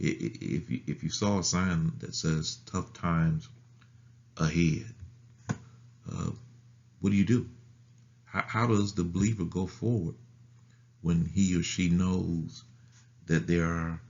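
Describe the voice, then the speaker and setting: A man pastor teaching a Bible study in a deliberate way, often repeating phrases and restarting words. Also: deep voice, creaky, a little mellow, muffled recording.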